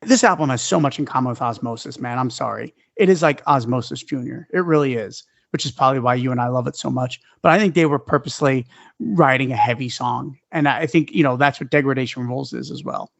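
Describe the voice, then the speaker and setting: A man's voice: mid-range voice, fast, vocal fry, no room sound, dull audio. A man co-hosting a podcast in casual chat, breaking songs down analytically. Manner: analytical, breaks down song structure. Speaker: podcast co-host.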